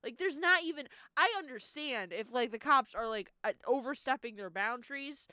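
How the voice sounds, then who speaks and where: Young woman, high voice, lively swoops, blunt profane stream commentary, bright tone. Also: moderate pace, smooth, dry recording. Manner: blunt, profane, animated, laughs often. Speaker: streamer reacting to bodycam footage. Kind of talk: casual live-stream commentary.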